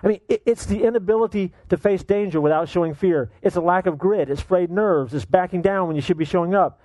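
A man preaching a sermon as pastor, animated and joking, firing off rhetorical questions at his congregation. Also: high-pitched, brisk, dry recording, muffled recording.

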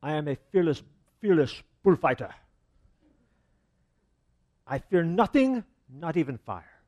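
A man's voice: on the high side, sing-song, unhurried, a little mellow. A man voicing a proud, boastful grown man who keeps declaring himself a fearless bullfighter, told as a joke within a sermon.

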